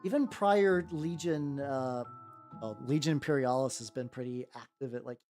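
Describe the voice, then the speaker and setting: A woman in her thirties chats casually while painting miniatures, rambling through ideas and saying "like" constantly. Her voice is very deep and a little mellow, at a moderate pace. Faint music plays in the background.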